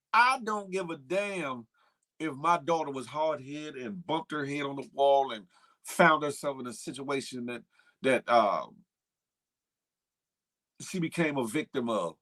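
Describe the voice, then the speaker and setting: A man hosting a casual morning show, emphatic and animated, calling out viewers by name. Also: a little high, measured pace. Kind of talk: casual livestream commentary.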